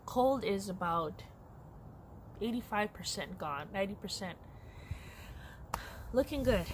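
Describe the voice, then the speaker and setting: Medium-pitched and animated, a middle-aged crochet vlogger talks at a measured pace and pauses often. Her casual, candid vlog chat is full of laughter, with noise in the background.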